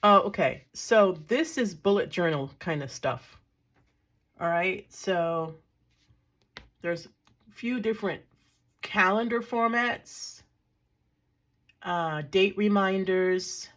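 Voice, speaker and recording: A medium-pitched, slightly bright voice belongs to an older woman who speaks slowly with long pauses. In her casual crafting show-and-tell as a craft vlogger, she browses her washi tape collection, thinking aloud and poking dry fun at herself.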